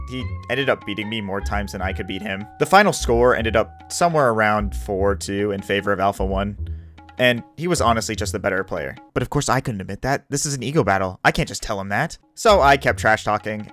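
A man's voice: lowish voice, lively intonation, a little fast, a bit bright, soft background music. A man giving casual, wry narration over his gameplay as a gaming YouTuber. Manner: wry, laid-back storytelling.

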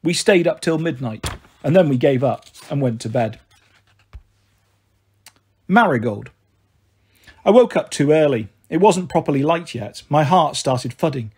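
A man narrating a children's novel in a steady, gentle read-aloud style. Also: a little high, moderate pace, husky. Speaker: storyteller.

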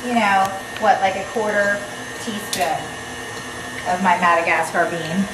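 A cooking show host with a medium-pitched voice speaks unhurriedly, chatty and playful, directly to the viewer during a casual demonstration. The room is echoey, the mic sits at a distance, and a steady hum runs underneath.

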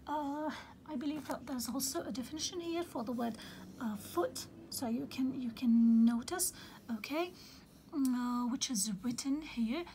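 High-voiced woman teaching a lesson. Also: unhurried, warm tone, a little hiss or hum, low-quality recording. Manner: patient, repeats key terms, peppered with "okay"; corrects herself mid-sentence. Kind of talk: lecture on poetry.

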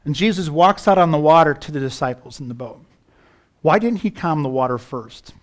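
Middle-aged male pastor, slightly high voice, fervent preaching with rhetorical questions. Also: animated, moderate pace. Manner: preaching with rising fervor, rhetorical questions to the congregation. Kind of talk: sermon.

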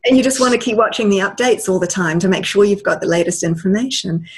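Husky-voiced woman telling a story. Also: medium pitch, fast talker. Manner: lively storyteller, laughs often. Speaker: interview guest. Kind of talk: casual storytelling. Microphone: video call.

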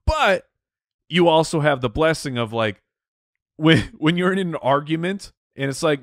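A man's voice: a little high, expressive, normal speed, no echo. Male podcast co-host, playful and chatty, dry close sound. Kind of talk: casual comedic banter.

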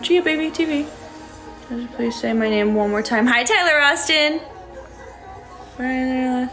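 A woman with a high, light voice chats on a live stream. She sounds breezy and upbeat as she thanks viewers one by one. The audio is roomy and echoey, with soft music underneath. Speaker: livestreamer. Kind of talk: casual live-stream chat reading out viewer comments. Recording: echoey room.

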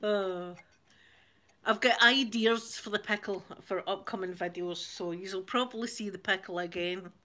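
A woman's voice: medium pitch, fairly even intonation, unhurried, sharp tone. A middle-aged woman from Glasgow with a Glaswegian accent, chatting casually on a live stream, reading out viewer comments and laughing often between lines. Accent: Glaswegian Scottish. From Glasgow, Scotland.

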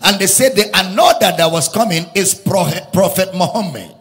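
Male preacher, high and animated, sing-song emphatic sermon in an echoing hall. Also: moderate pace. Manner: emphatic, repeats lines, rises into sung preaching cadence.

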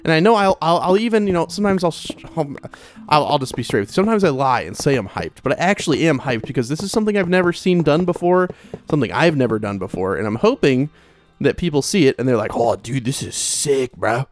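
A man's voice: fairly high pitch, big pitch swings, fast, no room sound. A young man hosting a game let's play, chatting casually and rambling as he talks straight to viewers. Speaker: Minecraft let's play host. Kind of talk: casual gameplay commentary.

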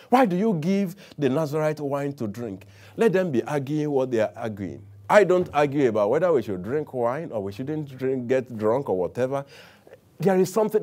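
A man preaching a sermon, calling on the congregation to answer and repeat after him. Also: a little high. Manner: animated preaching with audience call-and-response.

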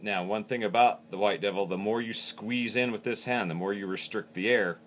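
A man's voice: lowish voice, steady tone, moderate pace, noisy background. A man teaching how to use a game call, explaining each step plainly. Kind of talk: hands-on instructional demo.

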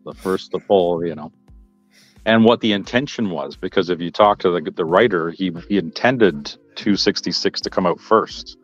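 Man, very deep voice, casual rambling chat, phone in a small store, muffled lo-fi sound. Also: normal speed, faint music behind. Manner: laid-back, rambling. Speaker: livestream panel guest. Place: small comic book store.

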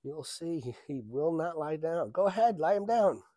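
A man's voice: fairly high pitch, big pitch swings, moderate pace, mellow, no echo. A man demonstrating a magic trick, telling a joking story as a chatty showman. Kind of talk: comic storytelling trick patter.

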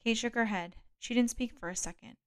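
A woman reading a thriller audiobook aloud in a measured, calm storytelling manner. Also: fairly high pitch. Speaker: audiobook reader. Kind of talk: scripted narration.

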